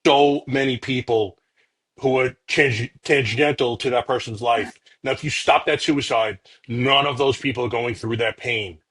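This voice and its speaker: A man's voice: mid-range voice, fairly even intonation, moderate pace, a bit bright, slightly rough. A man hosting a podcast conversation, speaking in an earnest, encouraging way. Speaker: podcast host.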